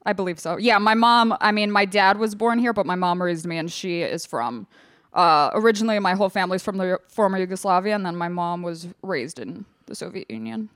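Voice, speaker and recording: A woman's voice: mid-range voice, brisk, a bit bright, dry recording, clean studio sound. Young woman with a New York accent. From Los Angeles. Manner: joking, self-deprecating, laughs often. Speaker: comedian guest. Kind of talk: casual podcast chat.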